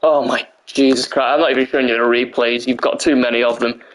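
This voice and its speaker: Speaking quickly in a mid-range voice, a young man narrates a wrestling video game for his live stream. He sounds hoarse, worn out and keyed up all at once, with frequent laughter and swearing.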